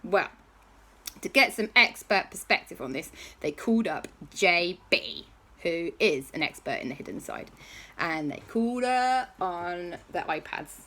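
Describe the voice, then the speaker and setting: A woman's voice: fairly low pitch, animated, unhurried, fairly bright tone. A woman host telling a playful children's story with toys, switching into character voices.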